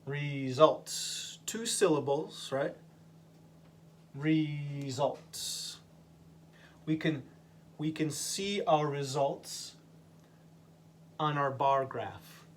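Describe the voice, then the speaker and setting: A man teaching a vocabulary lesson to English learners, speaking slowly and patiently and repeating each word. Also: on the high side, slight background noise.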